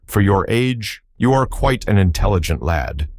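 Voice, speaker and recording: A man's voice: on the low side, very animated, unhurried, darkish tone, slight background noise. A man voicing a sneering, menacing foreign spy villain in an audiobook. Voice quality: silky, menacing.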